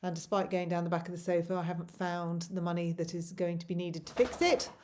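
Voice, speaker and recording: A woman's voice: fairly low pitch, fairly even intonation, quick pace, background noise. A woman in her forties, a parent vlogger, delivers an impassioned, pleading monologue to camera full of rhetorical questions.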